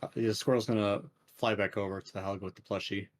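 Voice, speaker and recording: Halting male player, fairly low voice. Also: level tone. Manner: halting, thinking aloud. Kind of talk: tabletop role-play.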